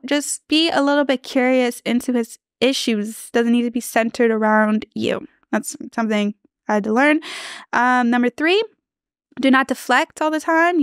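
A woman's voice: a little high, clean tone, no room sound, studio quality. A young adult woman hosting a relationship advice podcast, talking casually and earnestly with many fillers, acting out quoted lines as she goes. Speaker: relationship coach and podcast host.

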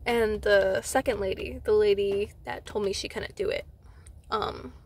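A young woman telling a storytime vlog from inside a car. She retells it in an animated way, fills her talk with "like" and acts out what others said. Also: medium pitch, unhurried. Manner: animated retelling with frequent "like" fillers, acting out others' lines. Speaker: vlogger.

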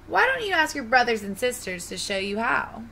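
A woman's voice: fairly high pitch, sing-song, moderate pace, vocal fry, pushed and bright, a little hiss or hum, exaggerated voice, poor audio. A woman doing a patient mother lion.

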